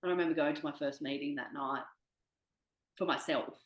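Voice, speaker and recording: A woman's voice: deep voice, steady tone, fairly quick, echoey room, low-quality recording. A young woman speaking candidly as an interview guest, swearing freely and quoting herself. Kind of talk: candid personal conversation.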